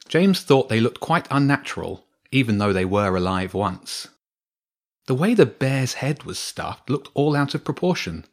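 A man calmly reading a children's story aloud as narrator. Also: lowish voice. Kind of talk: scripted narration.

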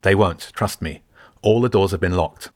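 A man's voice: sits low, normal speed, darkish tone, no room sound, clean studio sound. A man voicing a resourceful teenage boy who talks in an urgent, insistent way. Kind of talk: audiobook character voice.

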